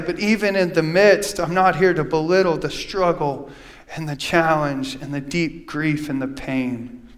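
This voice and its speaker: A male pastor preaching a sermon in church, reading scripture aloud and swinging from loud preaching to hushed, quiet passages. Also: fairly high pitch, steady tone, measured pace.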